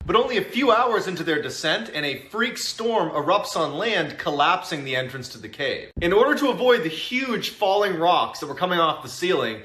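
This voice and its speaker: Man, lively bright voice, dramatic suspense narration, echoey room. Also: fairly high pitch. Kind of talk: scripted story narration.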